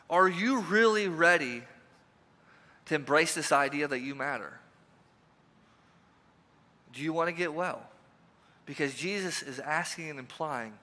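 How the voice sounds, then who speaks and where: Male pastor, high sharp voice, casual sermon full of repeated questions, long hall reverb in a church. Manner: conversational, repeats rhetorical questions, joking asides. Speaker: lead pastor. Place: church sanctuary.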